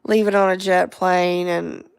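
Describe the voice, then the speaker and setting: A woman's voice: lowish voice, flat delivery, unhurried, vocal fry, clear, resonant tone, no echo, clean studio sound. A middle-aged woman hosting a casual livestream chat, rambling along, chatting to viewers and laughing often. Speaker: livestream host.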